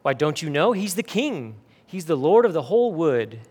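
A stern, insistent talking beaver from a storybook, read aloud by a man. He presses his point emphatically, in a voice pitched a little high. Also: very animated, normal speed, a little mellow, breathy edge. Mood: explaining.

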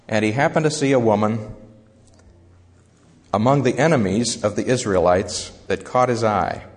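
A man's voice: medium pitch, darkish tone. Man teaching a Bible lesson in a hall. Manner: explanatory, conversational teaching. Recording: echoey hall with long reverb.

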